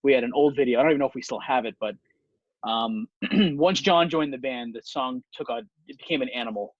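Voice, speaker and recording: A man's voice: mid-range voice, a little fast, no room sound. A man hosting a band podcast, chatting casually and rambling with many ums about the band's songs. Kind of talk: casual chat. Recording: dull dry lo-fi sound.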